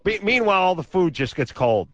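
A man's voice: sits high, very animated, fairly quick, a bit bright, no echo, highs cut off. Sarcastic rambling man on radio. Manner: rambling, sarcastic, exaggerated rants with crude asides. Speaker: radio show co-host. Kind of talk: comedic storytelling on call-in radio. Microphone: studio microphone.

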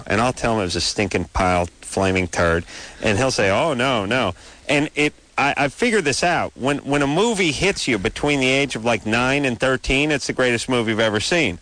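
A man's voice: mid-range voice, expressive, a little fast, a bit bright. A man hosting a late-night radio call-in show from a studio, with brash, crude, joking banter.

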